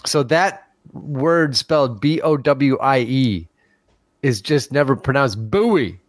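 A man's voice: medium pitch, slow pace, no echo, studio quality. A man from Chicago hosting a podcast, reading listener mail in casual chat and tripping over his words with restarts. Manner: stumbling restarts, joking.

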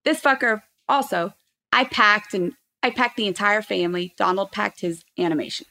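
A woman in her thirties telling a story in an animated chat, expressive and freely swearing. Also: medium pitch, normal speed, vocal fry. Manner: expressive, swears freely, acts out quotes loudly. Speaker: podcast guest, co-host's wife.

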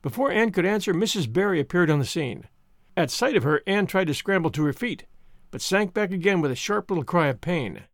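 Brief: male audiobook narrator, high voice, very animated, dry studio sound. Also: a little fast, no room sound.

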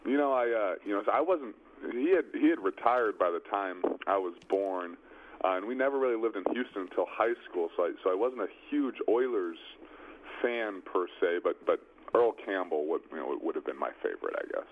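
A man's voice: on the low side, lively intonation, brisk, phone-quality sound. A young male athlete in his twenties answering interview questions in an easygoing, hesitant way. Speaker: football quarterback guest.

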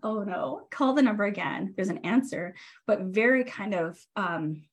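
A woman's voice: mid-range voice, moderate pace. Chatty woman coach giving a training. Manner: chatty and animated, many fillers and self-corrections, laughs often. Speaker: podcast host and career coach. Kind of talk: casual live training talk.

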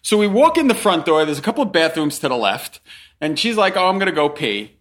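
Animated man telling a story. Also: brisk. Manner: animated, acts out quotes with big pitch jumps. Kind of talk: casual storytelling chat.

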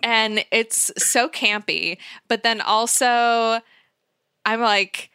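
A woman co-hosting a podcast in casual chat, chatty and quick to laugh, with animated asides. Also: on the high side, clear, resonant tone, no echo, clean studio sound. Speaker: podcast co-host.

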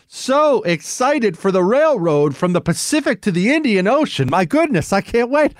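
A man hosts his own political radio show, driving a fiery monologue with plenty of emphasis. He slips now and then into mocking voices. His voice sits a little high for a man and is recorded close and dry in the studio. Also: sing-song, unhurried, dry recording. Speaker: radio talk show host.

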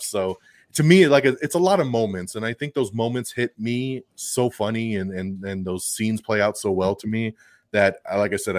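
A man hosting a podcast in a casual chat, animated and full of fillers, chuckling often. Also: lowish voice, no room sound. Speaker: podcast host reviewing a film.

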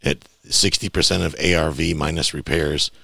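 A man's voice: a bass voice, steady tone, moderate pace, creaky, bright, forceful tone, no echo, clean studio sound. A male podcast host talking emphatically and bluntly in a casual monologue, ranting about bad information.

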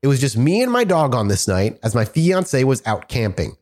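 A man's voice: mid-range voice, normal speed. A man co-hosting a podcast, reading listener stories aloud and laughing often in casual chat. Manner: giggly, animated reader. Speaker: podcast co-host.

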